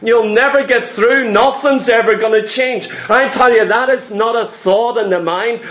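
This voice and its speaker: A man's voice: sits high, a bit bright, echoey room, poor audio. A man preaching a sermon in an emphatic, repetitive cadence, addressing his congregation directly.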